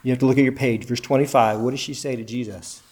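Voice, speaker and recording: A man's voice: medium pitch, steady tone, fast, darkish tone. A man teaching a Bible lesson to a group, reading scripture aloud and asking the listeners questions. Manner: asks the group questions and repeats their answers.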